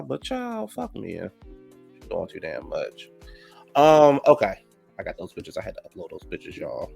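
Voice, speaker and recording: Gravelly man doing gossipy show recaps. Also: fairly low pitch, very animated, moderate pace, long pauses, faint music behind. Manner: gossipy, profane, reacts loudly to the drama. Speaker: reality TV recap host. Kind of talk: casual episode recap.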